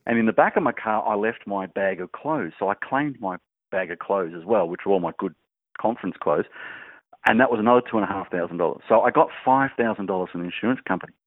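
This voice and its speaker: A man, a grief researcher and guest, telling anecdotes in an animated, casual way. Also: fairly low pitch, fast talker, no echo. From Australia. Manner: animated storyteller, laughing through anecdotes. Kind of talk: casual storytelling chat. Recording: dry, tinny phone-like line.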